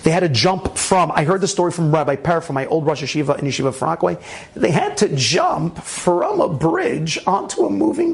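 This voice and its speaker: A man with a raspy voice telling a Torah story in a lively way, with restarts and sound effects. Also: fairly high pitch, fairly quick. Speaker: Torah speaker. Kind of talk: animated storytelling talk.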